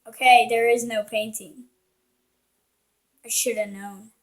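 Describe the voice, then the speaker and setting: A woman's voice: fairly high pitch, steady tone, takes it slowly, creaky. A woman commenting casually while playing a video game, playful and cheeky, teasing the characters on screen. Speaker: gaming channel host. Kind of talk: casual let's-play commentary.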